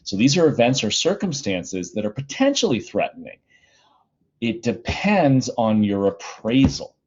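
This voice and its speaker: A middle-aged male high school teacher giving a casual, chatty recorded lesson from home, with plenty of fillers. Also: very animated, a little slow, darkish tone, husky, dull audio.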